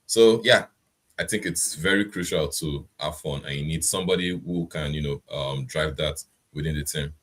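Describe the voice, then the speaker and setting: A man hosting a casual gaming podcast, measured, leaning on "you know" as he talks. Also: a bass voice, a bit bright. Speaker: podcast host.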